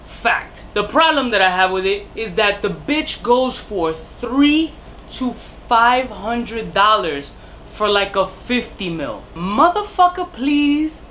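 A man's voice: high-pitched, lively intonation, slow, bright, forceful tone, slight background noise. A man reviewing fragrances in a casual vlog, profane and jokey, with bursts of mock outrage and self-mocking asides.

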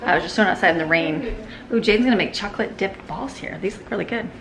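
A middle-aged woman and mother chatting casually and cheerfully as she films a home vlog from the kitchen and basement, held on a handheld camera. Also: quick pace. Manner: chatty, upbeat, talks to her dogs in a high sing-song voice. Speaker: vlogger, mother. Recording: noisy home recording.

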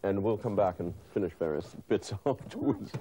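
A man's voice: fairly low pitch, animated, moderate pace, mellow, slight background noise. A man hosting a cooking contest, judging dishes and presenting results in a genteel, wordy, playful way. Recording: TV studio recording with faint room sound.

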